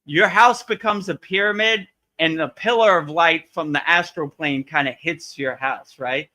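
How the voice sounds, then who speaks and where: In a live spiritual Q&A, the male host chats loosely and with energy, telling stories, voicing the quotes he shares and laughing plenty. He speaks at a measured pace with a somewhat high, sharp voice.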